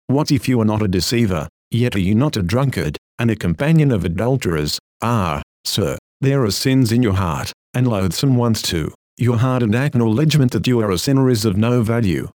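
A man preaching an old-style sermon with earnest, exhorting emphasis. His voice sits at an ordinary middle pitch. It is recorded close and dry, with no room around it. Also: a little mellow, no echo. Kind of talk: read Victorian sermon.

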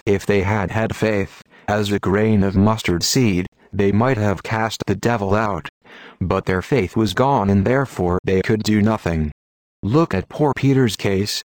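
A man delivers a sermon with emphatic, rhetorical oratory. His voice sits low, and the recording is dry and close, with no room sound. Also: darkish tone, dry recording. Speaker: preacher. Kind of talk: sermon reading.

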